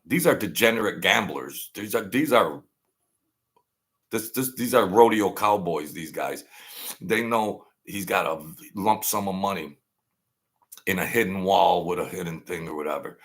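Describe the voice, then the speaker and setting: A man telling stories in a rambling, animated way, often repeating himself and acting out quoted voices. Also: low voice, unhurried. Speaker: host telling stories from mob life. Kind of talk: casual storytelling monologue. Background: lawnmower outside.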